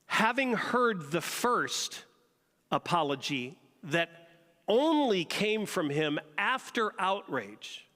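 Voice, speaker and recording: A man's voice: high-pitched, big pitch swings, takes it slowly, bright, forceful tone, big-room sound. A man preaching a sermon as pastor, talking conversationally and asking the congregation questions. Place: church sanctuary.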